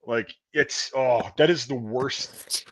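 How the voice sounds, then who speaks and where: A man's voice: mid-range voice, slow. A man chatting casually as a podcast host, telling profane army training stories with lots of swearing. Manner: profane, storytelling, acts out a drill sergeant. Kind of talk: casual chat about army basic training.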